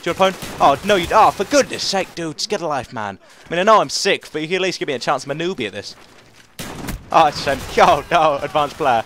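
Young male gamer, quick and animated, self-mocking commentary over faint game noise. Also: fairly high pitch. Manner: excitable, self-mocking, repeats phrases, yelps when killed. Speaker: gaming commentator. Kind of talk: live gameplay commentary.

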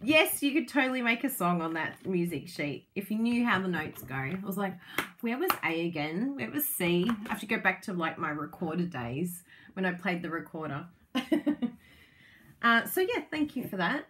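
Gushing excitable woman unboxing crafts. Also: lowish voice, normal speed, noisy background. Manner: gushing, excitable, laughs often. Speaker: craft vlogger and product demonstrator. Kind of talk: casual unboxing chat.

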